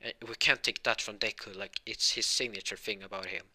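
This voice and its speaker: A man's voice: lowish voice, fairly even intonation, brisk, bright, forceful tone. A man casually telling a made-up fan story about cartoon heroes, rambling and correcting himself as he goes. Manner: rambling, full of fillers and self-corrections. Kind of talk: casual spoken fan-fiction retelling.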